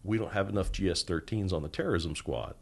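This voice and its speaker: A man's voice: low-pitched, fast talker, vocal fry. A middle-aged man on a podcast, telling a long story and acting out the lines of the people in it. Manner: animated storyteller acting out quoted dialogue. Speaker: podcast guest, former federal agent.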